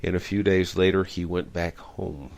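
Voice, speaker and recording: A man's voice: sits low, steady tone, normal speed, gravelly. A middle-aged man hosting a radio interview, rambling and reflective, telling stories with many fillers. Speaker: radio show host.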